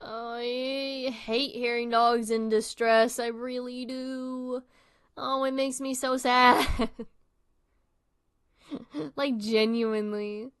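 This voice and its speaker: Chatty streamer woman with a smooth voice. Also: on the high side, level tone, takes it slowly, long pauses. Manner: chatty and rambling, many fillers. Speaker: livestream host. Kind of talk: casual reaction commentary.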